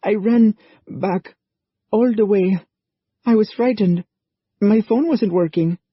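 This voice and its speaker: A woman's voice: medium pitch, level tone, a little slow, no room sound, voice pushed up, close to an everyday voice. A male narrator voicing a frightened teenage girl who is out of breath and panting. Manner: panting, shaky. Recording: muffled dull recording.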